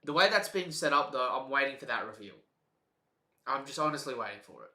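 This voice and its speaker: Excitable man in a roomy space. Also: medium pitch, a little fast. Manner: excitable, swings between loud outbursts and soft mumbling. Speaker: streamer reacting to a comic chapter. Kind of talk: live reaction commentary. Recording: echoey room.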